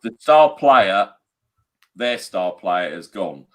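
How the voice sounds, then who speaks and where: A man's voice: on the low side, animated, slow pace. A man co-hosting a casual football chat, blunt and joking with some swearing. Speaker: podcast co-host.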